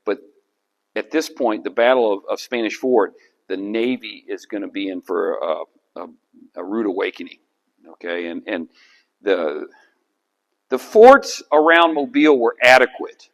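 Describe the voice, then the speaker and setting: A middle-aged historian talks a roundtable through his slides. His voice runs somewhat low, and he tells his material with animated, storytelling energy and plenty of conversational restarts. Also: measured pace, pauses often. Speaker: historian and author giving a talk. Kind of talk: lecture to a history club with slides.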